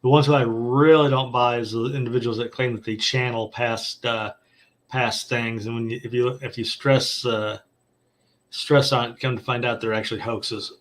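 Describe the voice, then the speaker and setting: A man co-hosting a casual podcast chat, speaking skeptically and haltingly. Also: mid-range voice, flat delivery, slight background noise. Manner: skeptical, halting with fillers and restarts. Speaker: podcast co-host.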